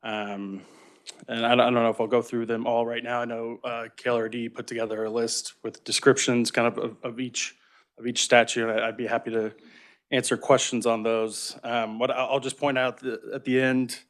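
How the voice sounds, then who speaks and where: A man's voice: mid-range voice, little pitch movement, moderate pace, fairly bright tone. A man serving as legislative revisor, giving a formal, methodical briefing on a bill into a table microphone in a committee room.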